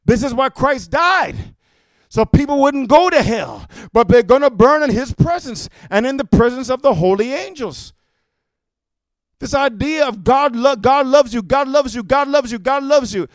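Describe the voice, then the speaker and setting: A man preaching a fiery sermon, often shouting and calling "amen?" to his listeners. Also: extremely high pitch, lively intonation, moderate pace, no room sound.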